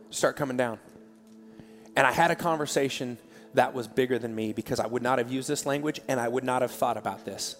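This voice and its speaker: Guy pastor preaching, gets quiet then loud, echoey big church, music faint behind. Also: medium pitch. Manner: emotional, earnest, swings from soft to loud. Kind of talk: sermon. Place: large church hall. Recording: long church hall reverb with soft music. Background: soft band music.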